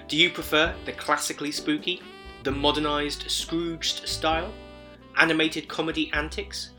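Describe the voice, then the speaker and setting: A man hosting a podcast, reading a scripted narration in a measured, storytelling way while his voice sounds slightly deep and sick from a head cold. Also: pushed and bright. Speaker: podcast host.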